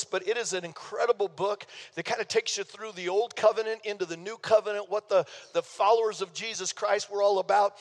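An older man, preaching a sermon as pastor in a folksy, playful way. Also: high-pitched. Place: church sanctuary. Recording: long reverb of a church hall.

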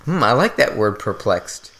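A woman's voice: rumbling low, sing-song, moderate pace, fairly bright tone. A woman co-hosting a podcast, bantering playfully and joking in casual chat. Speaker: podcast co-host.

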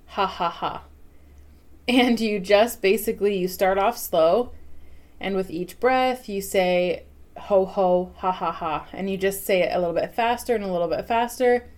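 A young adult woman hosting her own podcast, easygoing and conversational. Her talk is loose and informal, full of fillers and quick asides, and she breaks into easy laughter now and then. Her voice sits at a medium pitch for a woman. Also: a little mellow. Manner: chatty, informal, many fillers, laughs easily. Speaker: podcast host. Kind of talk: casual solo podcast talk.

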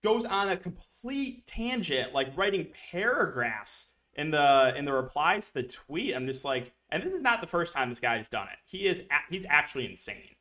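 A man's voice: fairly high pitch, big pitch swings, moderate pace, hardly any pauses, pushed and bright. A young man hosting a fantasy sports show, talking casually and rambling through picks and a story with lots of fillers. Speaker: DFS analyst host. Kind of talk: casual sports betting podcast talk.

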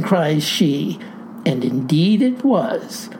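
A woman's voice: on the low side, big pitch swings, takes it slowly, warm tone, slight background noise. A woman telling a comic tall tale in a wry manner, speaking directly to her listeners. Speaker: storyteller.

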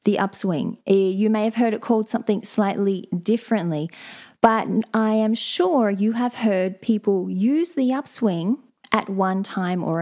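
A woman host speaks in a clear, measured way, teaching her listeners step by step. Her voice sits at an ordinary middle pitch for a woman. She sounds like a seasoned coach giving practical advice on her own show. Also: a little mellow. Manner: clear, measured, instructive delivery. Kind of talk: solo advice podcast.

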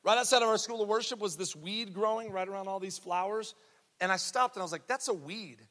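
A man's voice: high-pitched, brisk, bright, forceful tone. A young man preaching a sermon in a church, telling a story in a casual, joking way with asides to the crowd. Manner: conversational storytelling with laughs and asides. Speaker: pastor. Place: church sanctuary. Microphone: handheld or headset mic. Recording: long hall reverb in a church.

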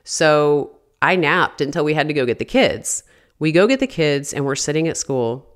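Here a thirtysomething woman hosting a podcast spins a casual story at normal speed. Her voice is low-pitched and animated, and she chats away with endless "like"s and plenty of swearing.

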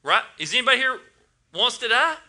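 A man's voice: very high voice, very animated, brisk, bright, forceful tone. A man preaching a casual sermon to a congregation, asking them questions and often repeating his words.

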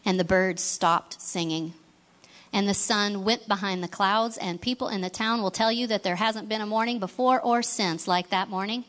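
A woman narrating a storybook in a gentle, expressive reading voice, now and then asking the listener questions. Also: medium pitch, normal speed.

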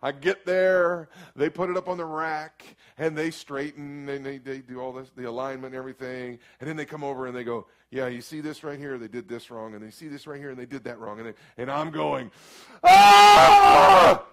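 A middle-aged man, preaching a storytelling sermon that swings from hushed asides to sudden shouts. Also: mid-range voice, fairly even intonation, fairly quick, hardly any pauses. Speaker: pastor.

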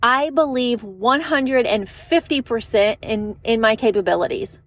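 A woman's voice: a little high, a little slow, a bit bright. A young woman giving a chatty, emphatic motivational talk about business, often laughing and acting out quoted voices. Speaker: online business coach.

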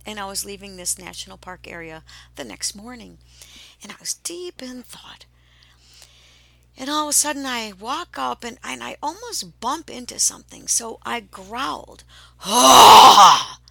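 A woman podcast host telling a personal story in a slow, hushed way, often dropping into a whisper. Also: fairly high pitch, animated, creaky.

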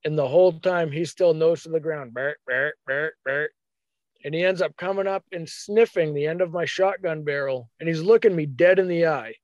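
A man telling a hunting story in a casual, animated way, acting out his own thoughts as quotes. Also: fairly high pitch, a little fast, hardly any pauses, no echo.

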